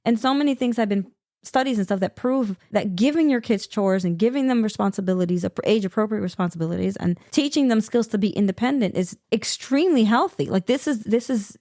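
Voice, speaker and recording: A woman co-hosting a podcast, an animated storyteller who laughs often and squeals when quoting herself. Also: mid-range voice, a little fast, no room sound, clean studio sound. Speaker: podcast co-host. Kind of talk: casual chat, storytelling.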